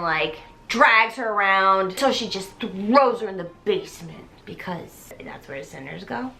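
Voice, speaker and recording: A tipsy woman hosting a comedic musical recap, chatty and bubbly, jumping into quick character voices. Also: medium pitch, pushed and bright. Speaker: host.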